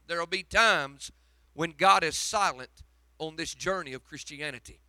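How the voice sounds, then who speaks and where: A man preaching a sermon, dropping to a hush and then rising to shouts. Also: a little high, moderate pace, smooth, no room sound. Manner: swings from hushed to shouting, dramatic preaching. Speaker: pastor.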